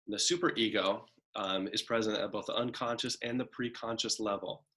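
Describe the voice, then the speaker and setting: A man delivers a recorded college psychology lecture with a somewhat low voice. He talks casually, filling his points with "right?" and "kind of" as he walks through slides. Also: steady tone, fairly quick, sharp tone. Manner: conversational, frequent "right?" and "kind of" asides; acts out a demanding child's voice in examples.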